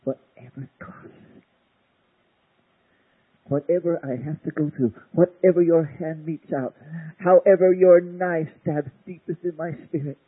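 A man preaching an impassioned sermon, swinging from hushed pleading to loud cries. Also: fairly high pitch, fairly even intonation, unhurried, breathy edge. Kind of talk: sermon on tape. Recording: tinny lo-fi cassette tape.

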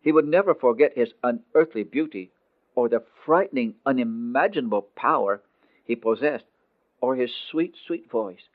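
Heard through a tinny, phone-like, dry recording, a medium-pitched male voice reads a dramatic story. His delivery is scripted and expressive, easing off the pace whenever a phrase turns emotional.

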